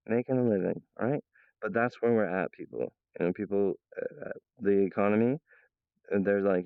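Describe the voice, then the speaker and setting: A young man talks in a long, wandering monologue, chuckling often and restarting his sentences. His voice is smooth and resonant at a middling pitch. The recording is dull and lo-fi, with no room echo at all. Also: lively intonation, fairly quick. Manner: meandering, laughs often, many restarts. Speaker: channel host. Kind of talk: rambling monologue. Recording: dull, lo-fi, dry sound.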